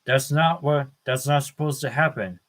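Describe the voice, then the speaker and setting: A man's voice: medium pitch, normal speed, fairly bright tone, natural voice. A man voicing a frightened young woman in an audiobook, in a tense, urgent tone close to his own voice. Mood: alarmed.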